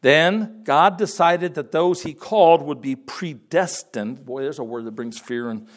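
A middle-aged man preaching with a slightly high voice. His delivery is conversational and animated, and he jumps into raised voices to act out the lines he quotes. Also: a little slow. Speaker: pastor. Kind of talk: sermon.

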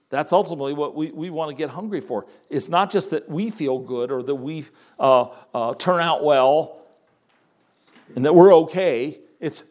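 A man preaching a sermon, reading scripture slowly with emphasis and adding casual asides. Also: fairly high pitch.

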